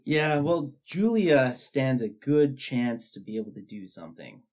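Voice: mid-range voice, very animated, unhurried, a little mellow. A podcast co-host making short, wry, opinionated remarks in casual chat.

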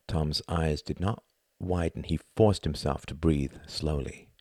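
Deep-voiced man reading a novel. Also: measured pace, darkish tone, dry recording, clean studio sound. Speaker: narrator. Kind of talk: audiobook narration.

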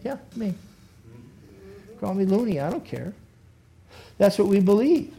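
A man, a pastor, preaching a sermon in a lively, conversational way, acting out imagined speakers. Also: high voice, measured pace, vocal fry, pauses often. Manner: animated, acts out imagined speakers. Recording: faulty recording.

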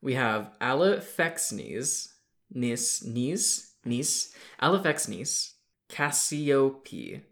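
Very low-voiced playful woman host. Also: big pitch swings, extremely slow. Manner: playful, teasing, laughs often. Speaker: podcast host. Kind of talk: casual chat.

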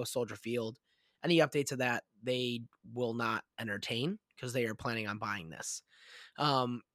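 A man's voice: mid-range voice, sharp tone, no room sound, clean studio sound. A man co-hosting a sports podcast, swearing freely and ranting in casual banter. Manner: profane, fired-up rants. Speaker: podcast co-host.

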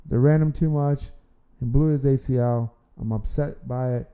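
A podcast host rambles through a casual sports show, often stumbling over and repeating his words. His mid-range voice is very dark, mellow, and smooth, with a steady tone at normal speed. The recording sounds dull and lo-fi.

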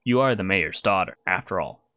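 A man's voice: low-pitched, sing-song, fairly quick, sharp tone, no room sound, heavily acted. A man voicing a bossy female snake-folk kidnapper who leads a gang, in a tabletop game. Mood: coaxing. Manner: exasperated, bossy. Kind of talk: tabletop role-play voice.

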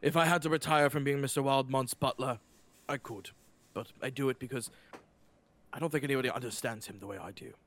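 A man's voice: mid-range voice, steady tone, a little fast, fairly bright tone, lightly acted. A man voicing a loyal, formal male butler who answers in clipped, polite phrases. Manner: clipped and formal, says "quite".

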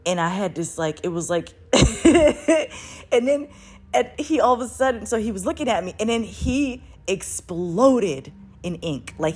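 An adult woman telling a personal story in a casual, animated way, swearing freely and laughing often as she talks. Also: on the low side, slightly rough. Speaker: vlogger.

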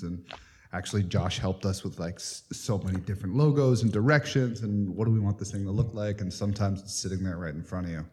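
Male podcast host, low and mellow, easygoing and chatty. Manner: chatty, laughs along. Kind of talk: casual chat.

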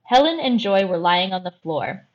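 A woman hosting a podcast and telling a true crime story in a careful, measured way. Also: medium pitch, very animated, lo-fi sound. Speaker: host.

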